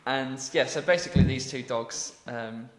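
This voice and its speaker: A man's voice: mid-range voice, moderate pace, roomy sound, background noise. An Englishman co-hosting a podcast, improvising a story in a rambling way with many ums and laughs. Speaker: podcast co-host.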